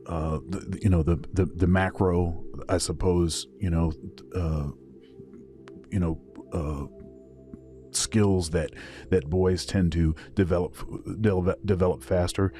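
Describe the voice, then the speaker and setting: A man with a deep, dark, mellow voice talks in a measured way, often pausing to find his words. Faint music sits behind him. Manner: measured, searching for words with many pauses. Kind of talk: casual conversation.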